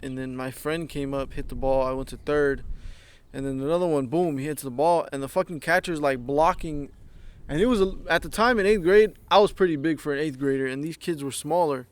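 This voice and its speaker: A young man co-hosting a podcast, telling animated, profanity-filled stories and acting out what people said. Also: on the high side, brisk, clear, resonant tone. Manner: animated storytelling, heavy swearing, acts out quotes. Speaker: podcast co-host. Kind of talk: casual chat.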